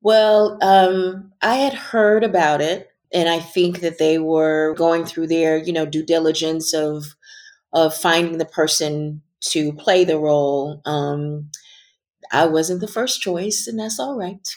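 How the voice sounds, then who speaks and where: Woman, middle-aged, low voice, reflective and sincere interview guest. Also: fairly even intonation, takes it slowly. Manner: earnest, thoughtful, trailing off softly at times.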